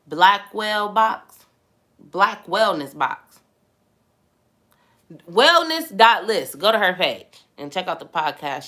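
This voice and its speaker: Bright, forceful young woman host. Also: low-pitched. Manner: animated, exclamatory, addresses viewers directly. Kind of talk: casual livestream chat.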